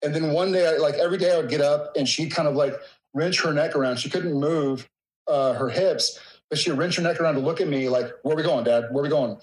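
Middle-aged man, slightly raised pitch, emotional halting storyteller. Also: rough recording. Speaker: guest. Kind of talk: casual conversation.

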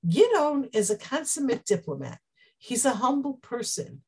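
Animated, husky-voiced woman teaching a Bible class. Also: a little high, normal speed. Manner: animated, acts out quoted speech; explanatory, with Hebrew terms.

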